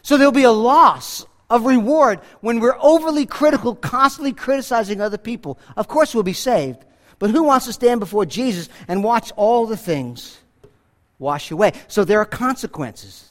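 A man's voice: very high voice, expressive, normal speed, fairly bright tone. A man preaching a sermon as pastor, earnest and conversational, with emphatic asides to the congregation. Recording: reverb from a large hall.

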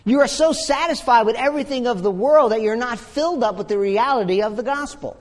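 A man's voice: extremely high pitch, a little fast. A man preaching a sermon as pastor, in a conversational way with sarcastic asides. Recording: long hall reverb.

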